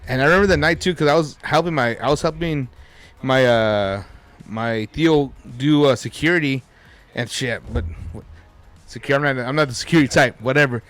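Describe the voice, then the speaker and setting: A man's voice: medium pitch, brisk, fairly bright tone. A man telling a story as a podcast guest, rambling and swearing, with Spanish words dropped in. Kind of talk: casual storytelling.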